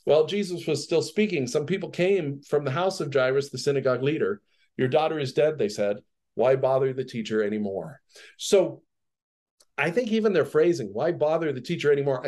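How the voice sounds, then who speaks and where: A man teaching on a podcast, reading a Bible passage aloud and then commenting on it in a relaxed, conversational way with frequent light laughter. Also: a little high.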